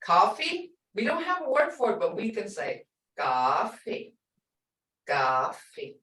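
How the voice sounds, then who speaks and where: An older woman teaching a language class, slowly saying words and repeating them so students can hear each sound. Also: fairly high pitch, sing-song, fairly bright tone, far from the mic, slight background noise. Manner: slow, repeats each word to drill pronunciation. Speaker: language instructor. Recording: echoey room, voice from off the mic.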